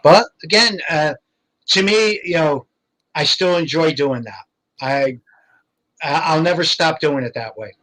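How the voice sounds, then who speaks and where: A man's voice: a little high, unhurried, pauses often, a bit bright, rough recording. An older man from Connecticut, a guest paranormal investigator, chatting casually in an interview and telling rambling anecdotes full of fillers. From Connecticut, USA.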